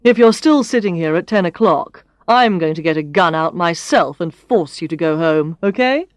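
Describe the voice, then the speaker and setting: A woman's voice: fairly low pitch, animated, moderate pace, dry recording, close to an everyday voice. Storybook boss: a woman doing a dry, teasing man with firm delivery.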